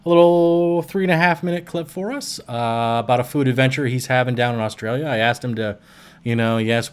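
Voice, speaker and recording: A man's voice: medium pitch, fairly quick, clear, resonant tone. Laid-back rambling podcast host, man. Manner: laid-back, rambling with fillers, laughs easily. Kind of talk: casual chat.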